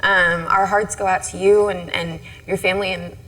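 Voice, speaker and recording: A woman's voice: fairly low pitch, flat delivery, moderate pace, a bit bright, slight background noise, rough recording. A woman moderating a panel interview as a reporter, speaking politely and graciously.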